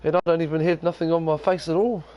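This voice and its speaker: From his home lounge, a New Zealand man streams games and talks casually in a rambling, profane, laid-back way. He speaks fast with a fairly even intonation in a voice on the high side; the recording is muffled, with no room sound.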